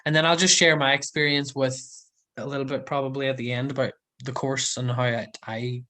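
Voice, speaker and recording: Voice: mid-range voice, flat delivery, fairly quick, sharp tone. Giggly chatty livestream host. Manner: chatty, giggly, rambling with many ums. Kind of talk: casual live chat reading viewer comments.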